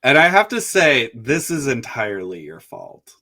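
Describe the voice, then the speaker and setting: A man co-hosting a podcast in casual chat, with a dry, deliberate and wry manner. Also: mid-range voice, huge pitch swings, pushed and bright. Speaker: podcast co-host.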